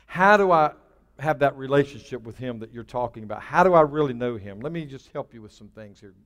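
A male pastor preaching a sermon, building to emphatic bursts and then dropping low and quiet. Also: lively intonation, brisk, big-room sound. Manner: emphatic, with rising bursts and dropping to a near hush.

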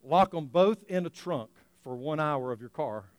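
Male pastor, sermon, animated and laughing, high voice, dry sound. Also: normal speed, no room sound. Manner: animated, laughing often, acting out an excited dog.

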